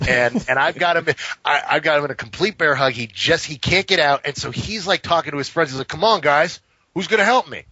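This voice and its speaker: Man, podcast co-host, casual storytelling, animated, profane, bright voice, dull dry recording. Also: a little high, a little fast, few pauses, no echo. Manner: animated, profane, acts out every person in the story.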